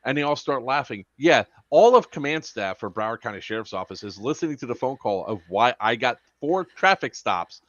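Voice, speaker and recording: A man's voice: mid-range voice, lively intonation, a little fast, hardly any pauses, a bit bright, no echo, highs cut off. A man hosting a podcast, telling a story in casual chat, profane and laughing as he goes. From Florida. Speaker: podcast host.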